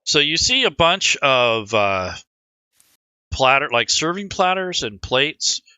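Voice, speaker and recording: A man acting as game master in an online tabletop game, narrating scenes in a relaxed, rambling way and talking players through the rules. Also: on the high side, slow, clear, resonant tone, no room sound, dull audio.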